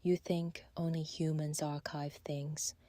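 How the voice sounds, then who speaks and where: A man voicing a calm, menacing, manipulative woman in an audiobook, in a soft, breathy half-whisper with a slow, taunting manner. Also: fairly high pitch, dry recording, pitched above the performer's own voice. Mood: coolly menacing. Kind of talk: audiobook character voice.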